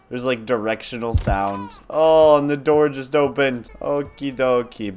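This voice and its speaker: Animated young man yelling at a game baby. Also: mid-range voice, unhurried, few pauses, soft background music. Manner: jokey, talks to the game baby, sudden yells. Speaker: gaming channel host. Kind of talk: casual horror game commentary.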